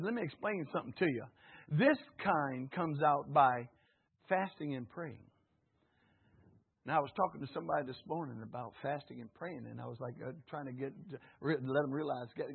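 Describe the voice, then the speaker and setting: A man preaching a sermon with call-and-response, his voice swelling to shouts on key lines. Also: high voice, husky. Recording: tinny phone-like recording.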